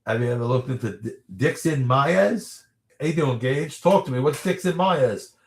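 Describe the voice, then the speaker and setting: A man's voice: mid-range voice, lively intonation, normal speed, a little mellow. Guy rambling on his phone live, laughs a lot, kinda echoey room sound. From New York area. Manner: rambling, chatty, laughs often. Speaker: livestream host. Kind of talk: casual livestream chat answering viewer questions.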